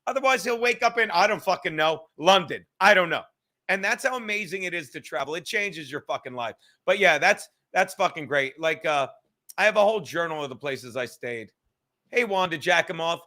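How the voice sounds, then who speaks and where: A man's voice: fairly high pitch, lively intonation, fairly quick, bright, forceful tone. A man hosting a podcast, rambling casually from his apartment, swearing and joking. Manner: profane, joking, reads aloud from a book. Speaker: podcast host.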